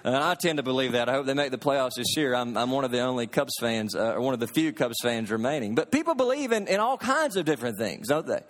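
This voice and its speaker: A man's voice: mid-range voice, lively intonation, quick pace, hardly any pauses, fairly bright tone. A man preaching a sermon as pastor, folksy and storytelling, in a church sanctuary.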